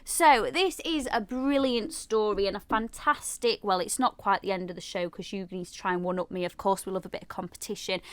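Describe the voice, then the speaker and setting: Giggly girl chatting on a podcast, kinda high voice, dry close mic. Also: fairly bright tone, dry recording. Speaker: podcast co-host. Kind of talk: casual chat.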